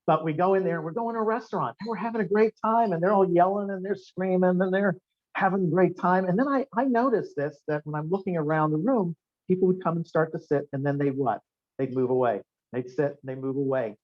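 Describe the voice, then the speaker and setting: A male guest speaker gives an anecdotal seminar talk in a restaurant function room, telling upbeat, animated stories and quizzing the audience. His voice sits high and he talks fast. The room recording is dull and lo-fi.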